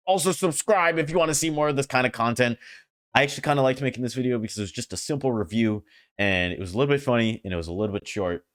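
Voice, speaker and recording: A man's voice: mid-range voice, fairly bright tone. A young man giving a casual, frustrated anime review, often swearing and exasperated.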